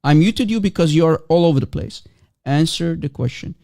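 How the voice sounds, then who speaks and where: A man's voice: on the high side, animated, brisk, vocal fry, mellow. Combative, mocking man hosting a debate. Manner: combative, mocking, repeats himself insistently. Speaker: debate livestream host. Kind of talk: heated online debate.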